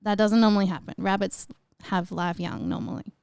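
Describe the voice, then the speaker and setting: A woman's voice: medium pitch, steady tone, fairly quick, darkish tone, clear, resonant tone, no room sound. Hesitant young Australian woman. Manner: hesitant, rambling, giggly. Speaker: podcast co-host. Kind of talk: casual chat.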